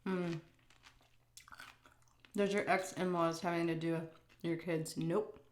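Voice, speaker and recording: A woman's voice: lowish voice, little pitch movement, measured pace, reverberant, slight background noise. A woman vlogger chatting frankly while she eats, reading out viewer questions and answering them. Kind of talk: casual chat while eating.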